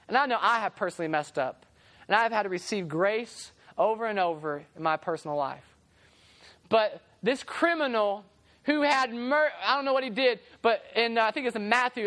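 A young woman preaching a sermon, telling stories and acting out the voices in them. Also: medium pitch. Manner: animated, acts out voices in stories. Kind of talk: sermon with storytelling.

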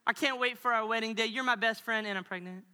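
A preacher puts on a young woman who coos and coaxes her fiancé with pet names. The voice rides high and very bright. A long reverb trails off the walls of a big hall. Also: quick pace, clear, resonant tone, heavily acted. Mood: coaxing. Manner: coaxing, cooing pet names.

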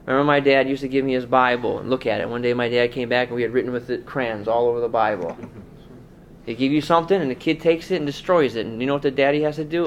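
A man's voice: mid-range voice, fairly even intonation, quick pace, slight background noise. A male pastor preaching a sermon in a conversational way, asking the congregation rhetorical questions.

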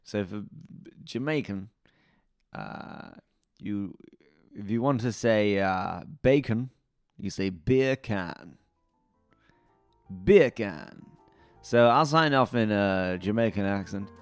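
A man, playing a dialect coach as a comedy guest, who rambles deadpan and bursts into loud silly voices. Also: lowish voice, takes it slowly, clear, resonant tone, no echo, clean studio sound, soft background music. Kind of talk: deadpan comic interview.

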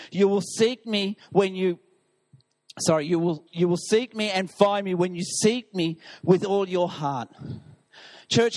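A man's voice: a little high, a little mellow. A male pastor preaching an impassioned sermon, reading scripture with emphasis.

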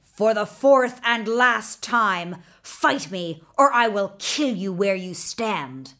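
Woman doing a shouting, taunting dragon. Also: mid-range voice, slow pace. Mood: menacing. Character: terrible many-headed male dragon, menacing.

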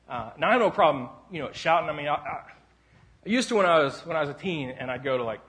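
A man pastor preaching a casual sermon in a church sanctuary, telling rambling self-deprecating stories that break into loud shouts. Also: fairly high pitch, animated, quick pace. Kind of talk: conversational sermon.

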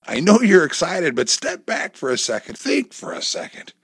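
A man's voice: sing-song, moderate pace, husky, no echo, clean studio sound, heavily acted. A man reading a story aloud, voicing an exasperated wife who scolds her husband in a raised, pleading voice. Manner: pleading, scolding, higher pitched.

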